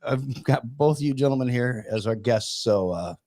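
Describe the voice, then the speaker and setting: A male podcast host talks in an easygoing, hesitant way, filling pauses with little uhs. His voice sits at an ordinary middle pitch. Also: expressive, mellow. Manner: laid-back, hesitant with fillers. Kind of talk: casual podcast chat.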